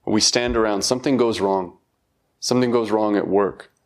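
Middle-aged guy, lowish voice, reflective talk, halting and thoughtful, laughs at himself. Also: steady tone. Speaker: dharma talk speaker.

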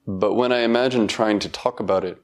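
A man's voice: on the low side, steady tone. Thoughtful middle-aged man giving a reflective talk. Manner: thoughtful, halting, with self-deprecating laughs. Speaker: dharma talk speaker.

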